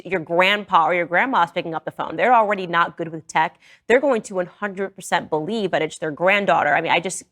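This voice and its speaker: A woman's voice: lowish voice, fairly bright tone. A woman hosting a podcast, giving earnest and urgent commentary that warns her listeners. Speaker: podcast host. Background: played in a reaction video.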